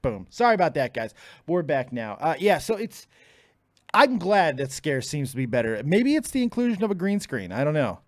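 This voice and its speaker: A man's voice: a little high, big pitch swings, moderate pace, dry recording, studio quality. A man hosting a casual live stream from home, frustrated and swearing freely between bursts of laughter. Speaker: podcast host.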